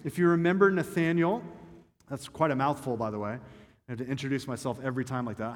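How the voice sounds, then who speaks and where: A man's voice: medium pitch, fast talker. A man preaching a sermon to a congregation in a conversational, joking way. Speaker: pastor. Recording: long hall reverb.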